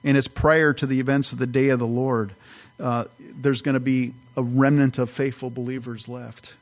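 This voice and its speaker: A man's voice: mid-range voice, level tone, normal speed. Man teaching scripture verse by verse. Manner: explanatory, conversational, with fillers. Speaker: pastor.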